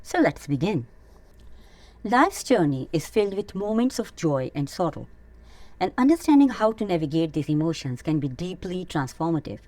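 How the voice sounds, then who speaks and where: A woman hosting an Islamic teaching channel, reading a scripted lesson in an earnest, measured way. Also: lowish voice, big pitch swings, warm tone, no room sound. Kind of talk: scripted religious teaching narration.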